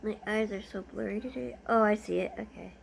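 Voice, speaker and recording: A woman's voice: mid-range voice, fairly even intonation, a little fast, creaky, slight background noise. A woman vlogger chatting casually as she unboxes gifts, gushing and easily delighted.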